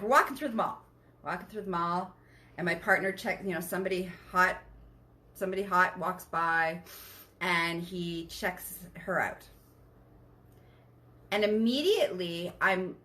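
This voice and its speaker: A woman's voice: mid-range voice, sharp tone. A woman hosting a podcast in a casual monologue, frank and emphatic, swearing freely and often checking in with her listeners. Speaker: podcast host.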